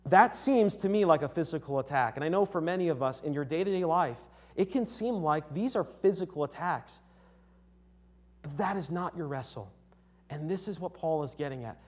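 A young man from Connecticut preaching a sermon in an earnest, conversational way, often restarting his sentences and checking in with his listeners. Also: a little high. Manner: earnest, conversational, with frequent restarts and rhetorical "right?".

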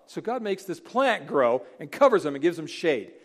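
A middle-aged man preaching a sermon, animated, acting out Bible figures in voices. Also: on the high side, moderate pace. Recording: long hall reverb.

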